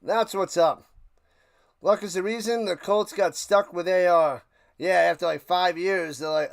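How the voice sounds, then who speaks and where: A man with a high voice and a gravelly, fry-laden edge hosts a live watch party stream. He calls plays and rants sarcastically to his chat. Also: fairly even intonation, a little slow. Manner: ranting, sarcastic, talks to chat. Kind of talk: live play-by-play and casual rant.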